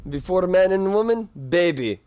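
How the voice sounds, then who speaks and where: A man putting on a mock foreign accent, playing a boastful man from a far-off land who speaks broken English with a deadpan delivery. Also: sits high, normal speed, clean tone.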